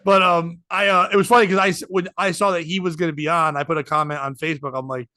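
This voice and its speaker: A podcast co-host chats casually, speaking fast in a slightly high voice with no echo. He's an animated storyteller who acts out lots of back-and-forth dialogue and pokes fun at himself.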